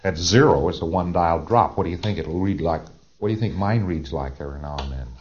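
A man's voice: sits low, a little fast, darkish tone, lo-fi sound. A man giving a conversational, emphatic lecture with asides and rhetorical questions. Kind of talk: recorded lecture.

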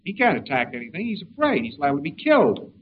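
A man giving a conversational lecture, halting and repeating words as he goes, on a lo-fi tape with faint hiss. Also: on the high side, wildly swooping pitch.

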